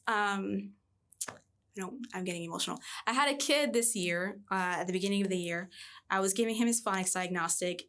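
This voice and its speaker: A woman in her thirties, a reading coach, chatting in a podcast interview and telling stories with a lively, expressive voice. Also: lowish voice, gravelly. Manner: animated storyteller, lively voice jumps.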